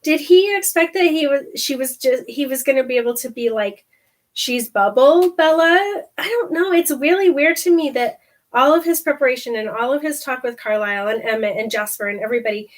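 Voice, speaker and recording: A woman's voice: sits high, brisk. A woman co-hosting a podcast, chatting in an amused, chatty way. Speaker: podcast co-host. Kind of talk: casual chat.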